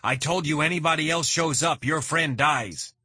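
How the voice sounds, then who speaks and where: A man voicing a hot-headed kidnapper, raised and shouting. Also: fairly low pitch, takes it slowly, no room sound, studio quality, heavily acted. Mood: threatening. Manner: shouting, threatening. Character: hot-headed male hostage taker.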